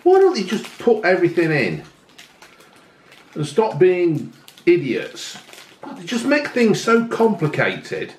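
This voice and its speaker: A man's voice: high-pitched, wildly swooping pitch, slow pace, pauses often. Sweary English man in echoey room. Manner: blunt, sweary, laughing banter. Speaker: host. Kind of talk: casual food review chat. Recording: echoey room with faint noise.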